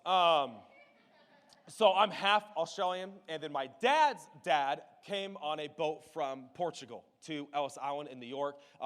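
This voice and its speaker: A man in his thirties from the United States, preaching a sermon and telling stories with animated, emphatic delivery. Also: a little high. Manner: animated storytelling, rising loud for emphasis. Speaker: pastor. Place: church sanctuary. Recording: long hall reverb with faint music.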